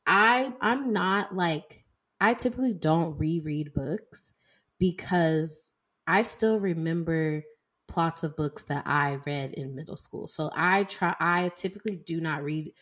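Woman in her twenties, slightly low voice, casual book chat, lots of "like" and "y'all". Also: a little slow, fairly bright tone. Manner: chatty, heavy use of "like" and "y'all". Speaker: podcast co-host.

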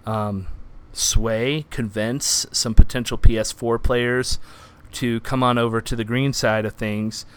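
Brief: male podcast host, mid-pitched, animated, restless delivery with restarts. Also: smooth. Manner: animated, frequent restarts and laughter. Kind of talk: casual chat.

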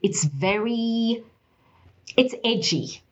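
A woman with a South African accent, a guest on a podcast interview, telling her story in an expressive, emphatic way. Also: fairly high pitch, very slow, lo-fi sound.

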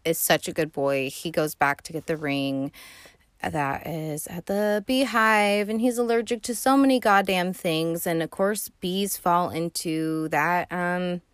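A young woman hosting a podcast, recapping a film in a casual, profane, animated way with sassy asides. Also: on the low side, measured pace, smooth, no room sound, studio quality. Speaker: podcast host.

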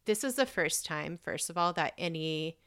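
A woman co-hosts a podcast in loose, frank chat, giggling easily and swearing now and then. Her voice sits on the low side but sounds bright. It comes across smooth and crisp. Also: lively intonation, moderate pace. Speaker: podcast co-host. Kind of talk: casual chat.

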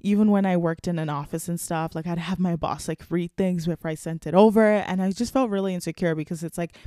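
A woman's voice: lowish voice, fast talker, mellow, no echo, clean studio sound. A young woman hosting her own podcast, talking casually and frankly, with lots of fillers and frequent laughs. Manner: frank, chatty, filler-heavy, laughs often. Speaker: podcast host. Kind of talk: casual solo podcast talk.

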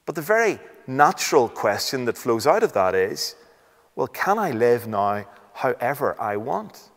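Emphatic preacher with rhetorical questions. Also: male voice, medium pitch, big pitch swings, unhurried, fairly bright tone, big-room sound. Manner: emphatic, rhetorical questions, reads scripture aloud. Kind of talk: sermon.

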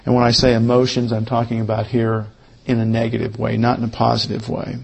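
A man teaching a Bible study lesson, who repeats his key points slowly, as if for note-taking. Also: mid-range voice, monotone, creaky, husky.

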